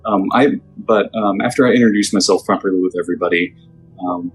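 A man's voice: on the low side, breathy edge, faint music behind, rough recording. A man playing a tabletop role-playing game, describing his character's actions with many fillers and restarts. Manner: hesitant, halting, many fillers. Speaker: player. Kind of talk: casual tabletop play.

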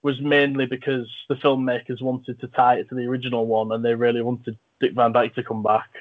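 A man's voice: mid-range voice, flat delivery, fairly quick. Chatty enthusiastic man, muffled audio. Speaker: podcast host and film reviewer. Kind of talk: casual chat.

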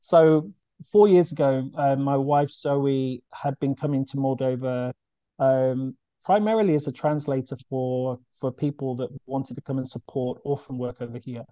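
A man speaks earnestly and heartfelt as a podcast guest, stopping and restarting his sentences as he tells his story. His voice is mellow and dark, at an average pitch. The recording is dry and close, with no room sound. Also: moderate pace, no room sound. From United Kingdom. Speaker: charity founder. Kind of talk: podcast interview.

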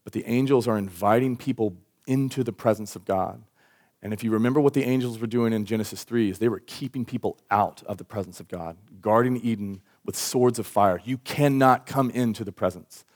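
A male pastor with a mid-range voice preaches briskly at a church service. His tone is conversational and earnest, and he tells stories with lively energy.

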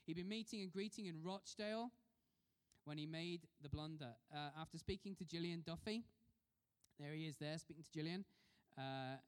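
A man's voice: on the high side, moderate pace, clean tone. Man preaching in a reverberant hall. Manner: conversational, asks the congregation questions. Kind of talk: sermon.

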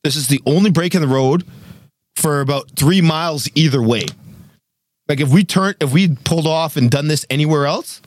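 A young man telling a story in casual chat, animated and acting out quotes, with frequent laughs. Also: fairly high pitch, moderate pace, no room sound. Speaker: podcast co-host telling a story.

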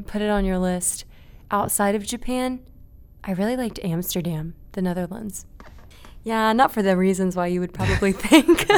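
A woman's voice: mid-range voice, darkish tone. A young adult woman, a guest in a casual interview, speaking earnestly and reflectively and laughing easily.

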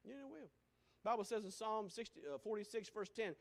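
A man preaching a sermon, swinging from loud exclamations to hushed, quiet lines. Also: sits high, lively intonation, brisk, vocal fry.

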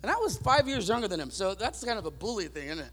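A man preaching a sermon to his church, moving from soft, musing talk to loud, driving peaks. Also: high-pitched, big pitch swings, fast. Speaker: pastor.

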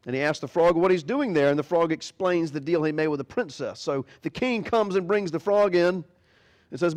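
A man's voice: fairly high pitch, a little fast, darkish tone. A man preaching a sermon as pastor, animatedly retelling a fairy tale. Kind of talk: sermon storytelling.

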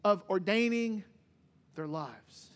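High-voiced man preaching in a reverberant church. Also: takes it slowly. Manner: animated preaching, acts out quoted voices. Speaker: pastor. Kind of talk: sermon. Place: church sanctuary.

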